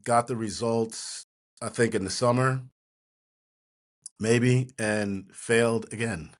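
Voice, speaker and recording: A man in his sixties from New Jersey, a trial lawyer telling lively anecdotes as an interview guest, often laughing and acting out others. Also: mid-range voice, takes it slowly. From New Jersey, USA. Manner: animated anecdotes, acting out quoted voices, laughing. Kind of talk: casual storytelling interview.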